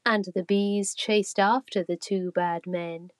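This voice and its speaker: Slow, dry woman reading to kids. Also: mid-range voice, dry recording. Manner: slow, expressive rhyming. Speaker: storyteller. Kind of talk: children's read-aloud.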